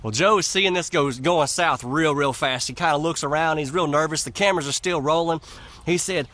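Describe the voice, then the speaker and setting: A man telling a long comic story in a folksy, lively way. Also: a little high, fairly quick. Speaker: comedian storyteller.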